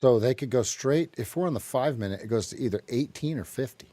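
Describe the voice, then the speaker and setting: A man hosting a live trading stream, giving joking, quick market commentary. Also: medium pitch, expressive, dark tone, dry recording, clean studio sound.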